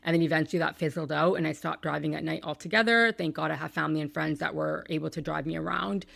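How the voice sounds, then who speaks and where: Woman host with a low gravelly voice. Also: fast, fairly bright tone, dry recording, clean studio sound. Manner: candid, emotional, raw, with some swearing. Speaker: podcast host. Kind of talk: personal storytelling.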